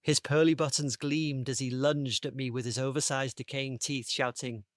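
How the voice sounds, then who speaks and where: A man on a podcast panel reading out a comic made-up story, with a playful, deadpan delivery. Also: mid-range voice, normal speed, no room sound, clean studio sound.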